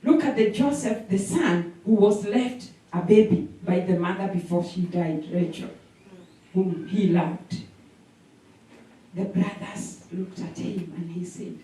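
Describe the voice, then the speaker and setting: A woman preaching a sermon, animated, with repetition and call-and-response. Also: medium pitch, unhurried, slight background noise. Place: church sanctuary. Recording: echoey hall from a distance.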